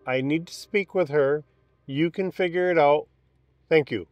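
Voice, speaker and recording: A man with a smooth, clear voice pitched a little high speaks hesitantly. He stammers and restarts his sentences as a guest on the show. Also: unhurried, lo-fi sound.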